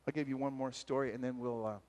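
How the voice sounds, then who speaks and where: A man giving a retreat sermon, telling a story and acting out its voices with lively energy. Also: medium pitch, fast. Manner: animated, acts out voices in stories. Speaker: retreat speaker. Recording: long hall reverb.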